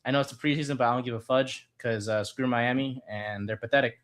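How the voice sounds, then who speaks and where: A man who produces a sports podcast, chatting casually with loud, excited outbursts. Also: medium pitch, fast talker.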